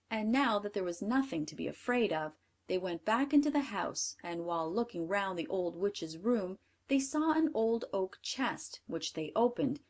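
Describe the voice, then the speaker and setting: Expressive woman reading a fairy tale. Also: medium pitch. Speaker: narrator. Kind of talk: storybook read-aloud narration.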